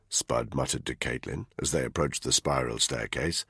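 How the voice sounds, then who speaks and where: A man narrating an audiobook thriller in steady, measured storytelling. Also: very deep voice, vocal fry, breathy edge, no echo, studio quality. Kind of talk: scripted narration.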